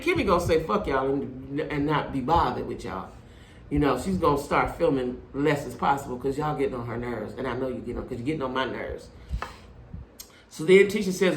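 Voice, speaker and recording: A middle-aged woman, recapping a reality show in blunt, animated, profane casual commentary. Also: low voice. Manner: animated, blunt, swears freely. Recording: echoey room with faint noise.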